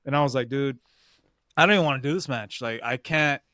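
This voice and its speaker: A young podcast host's mid-range voice comes across pushed and bright, a little fast, as he casually recounts a competition. He swears often, talks in slang, and keeps saying "bro" to his listener. Studio quality, no echo.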